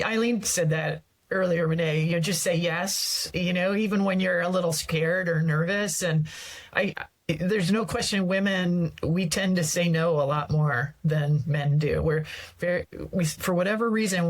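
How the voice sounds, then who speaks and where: A woman, a guest author, chatting in an interview and acting out the people in her stories. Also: lowish voice. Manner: animated storyteller, acts out quoted voices. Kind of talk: casual interview talk.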